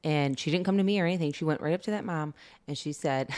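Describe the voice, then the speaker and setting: Woman, middle-aged, casual podcast chat, animated stories, low-pitched. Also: brisk. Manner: animated storytelling, laughs often. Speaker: podcast co-host.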